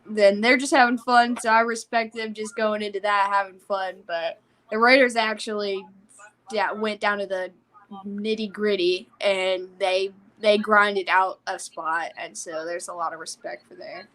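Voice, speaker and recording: This young woman is hosting a casual livestream from home at a desktop mic. She talks in an excited, rambling way and laughs often. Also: medium pitch, a little slow. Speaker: livestream host.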